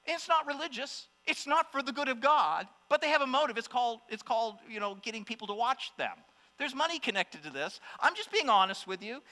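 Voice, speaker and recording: A man delivers an impassioned sermon in a notably high, bright voice. He swings between raised exclamations and quiet asides. The sound carries a long hall reverb over a faint mains hum. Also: animated, fairly quick. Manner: impassioned preaching, rising to exclamations and dropping to hushed asides. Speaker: pastor.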